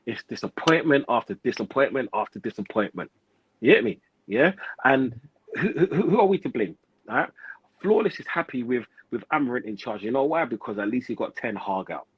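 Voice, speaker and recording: Ranting man, husky and profane. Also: mid-range voice, no room sound, muffled recording. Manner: profane, rapid, repetitive street slang. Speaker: football pundit host. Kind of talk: heated fan rant.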